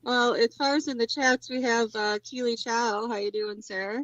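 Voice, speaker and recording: A woman's voice: a little high, steady tone, a bit bright, lo-fi sound. A woman from Chicago with a Chicago accent, co-hosting a casual panel chat and reading out names from the live chat. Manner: reads out chat names, quick and chatty. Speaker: podcast co-host.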